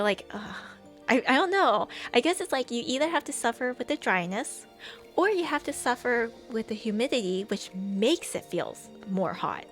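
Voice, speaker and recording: A young woman with a slightly high voice chats casually with her stream, rambling and giggling between thoughts. She reads viewers' messages aloud and answers them, and soft music plays underneath.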